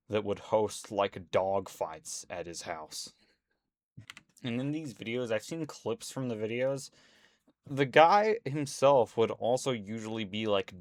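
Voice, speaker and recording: A man's voice: fairly low pitch, no echo. A man at home, rambling indignantly as a YouTuber in casual ranting commentary, full of fillers.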